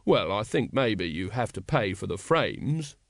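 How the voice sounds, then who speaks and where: A man's voice: fairly low pitch, very animated, unhurried, gravelly, dry recording, studio quality, full character voice. A male narrator voicing a pompous middle-aged man who lectures knowingly about kings. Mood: lecturing. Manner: ponderous and lecturing. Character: pompous middle-aged man, a self-appointed royalty expert.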